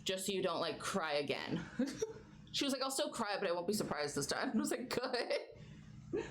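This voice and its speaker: Lively, giggly woman streamer. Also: on the low side, brisk, slight background noise. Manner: chatty, giggly, baby-talks her pets. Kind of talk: casual chat.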